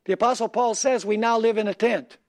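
A man preaching a sermon, reading scripture slowly and asking his listeners questions, pausing for them to fill in the answers. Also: high-pitched, fairly even intonation, a little mellow. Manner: asks the audience questions and pauses for them to answer.

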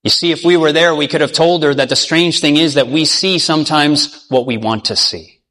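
A man's voice: a little high, moderate pace, sharp tone. A man preaching by telling a parable, earnest, often restarting and repeating words. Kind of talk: sermon parable storytelling. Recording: long hall reverb.

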